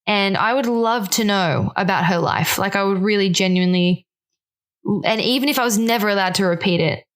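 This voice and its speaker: A woman's voice: medium pitch, a little fast. A woman co-hosting a podcast, chatty and enthusiastic in casual talk. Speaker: podcast co-host. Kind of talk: casual chat.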